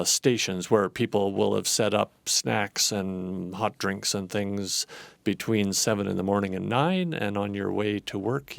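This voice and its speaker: A man's voice: lowish voice, gravelly, dry recording. A man appearing as a radio guest, explaining things in an easygoing, joking, rambling way. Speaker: cycling group guest. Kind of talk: casual radio guest talk.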